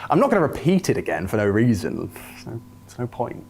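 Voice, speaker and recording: A man's voice: mid-range voice, sing-song, a little fast, creaky, darkish tone, slight background noise. Flustered man hosting a comedy sketch. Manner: flustered, stammering. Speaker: esports broadcast host.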